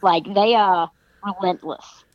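A young adult Australian woman, a professional wrestler, chatting in an interview and lively acting out other people's remarks. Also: slow pace, dry recording. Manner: chatty, animated, acts out other people's lines in a higher voice. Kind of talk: casual interview chat. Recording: dry, dull lo-fi podcast sound.

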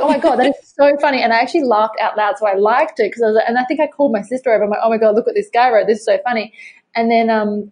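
A woman's voice: medium pitch, a little mellow. A woman, a fitness trainer chatting as a podcast guest and acting out quoted lines. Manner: fast, chatty, many likes, acts out quotes. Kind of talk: casual interview chat.

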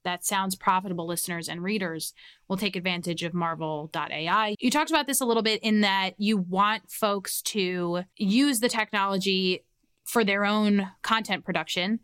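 A woman co-hosting a podcast, asking the guest measured questions in a conversational interview. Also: medium pitch, fairly bright tone, clean tone. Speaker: podcast co-host.

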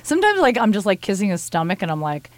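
A woman hosting a casual podcast chat, animated and giggly, rambling with many restarts. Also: medium pitch, fast, no echo. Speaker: podcast host.

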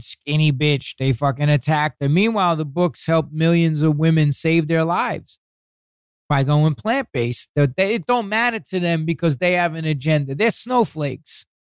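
An older man tells his stories in a profane, animated rush and acts out every exchange. His voice is smooth and crisp and sits a little high, and the recording is dry and close. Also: normal speed, no room sound. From New York City. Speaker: guest. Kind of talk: casual interview storytelling.

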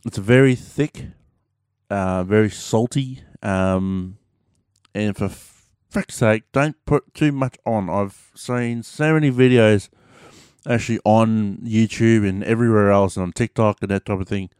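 An Australian man vlogs casually to camera, drifting from point to point with plenty of slang and fillers in a relaxed manner. His voice is lowish, a little mellow and smooth, and he speaks a little slowly. Studio quality, with no room sound.

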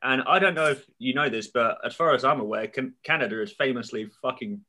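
Guy guesting on a podcast, bright sharp voice, tossing out silly theories, swears casually. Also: medium pitch, brisk. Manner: playful, deadpan theories, swears. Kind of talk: casual chat.

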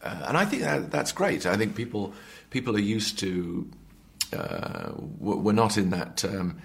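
A very low, gravelly English man in his fifties. He jokes deadpan and self-mockingly, his pitch rising and falling widely as he talks. He often stops and restarts mid-thought. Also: a little slow. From England. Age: 50s. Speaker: actor guest. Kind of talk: dry, joking interview chat. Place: hotel room.

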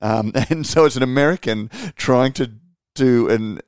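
A man's voice: medium pitch, measured pace, darkish tone, clear, resonant tone, no echo, studio quality. A man co-hosting a beer news podcast, rambling casually with many ums and easy laughs. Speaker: founder and editor, podcast co-host.

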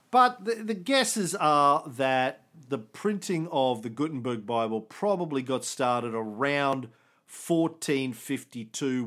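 A man hosting a casual history podcast, explaining events with quick jokes and the odd swear word. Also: on the high side, a bit bright. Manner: jokey, swears, quick asides. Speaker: podcast host.

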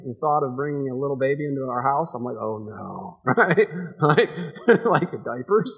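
A man's voice: mid-range voice, normal speed, a bit bright, slightly rough. A man in his forties preaching a casual, conversational sermon, laughing often and acting out the people in the story. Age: 40s. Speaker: pastor.

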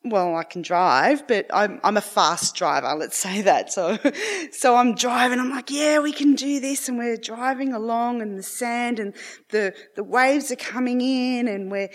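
Animated woman telling a family story. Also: a little high, measured pace. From Australia. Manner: rambling, animated, acts out family voices. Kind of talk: live personal storytelling.

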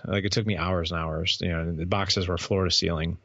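Low, gravelly man telling his story. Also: flat delivery, a little fast, hardly any pauses, a bit bright, no echo. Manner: earnest, candid, repeats words as he talks. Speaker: podcast host and guest speaker. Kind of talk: personal storytelling in an interview. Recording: dull, lo-fi sound.

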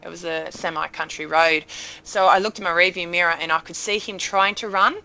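A woman in her thirties, a podcast guest telling an emotional story in a lively, animated way. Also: on the low side, fairly quick, vocal fry, highs cut off. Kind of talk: casual storytelling.

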